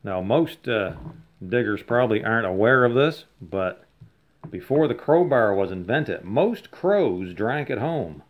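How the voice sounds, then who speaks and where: Folksy chuckling man, lively pitch. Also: unhurried. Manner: chuckling, folksy, rambling with many uhs. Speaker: bottle digging vlogger. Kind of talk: casual chat with jokes. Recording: slightly dull lo-fi sound.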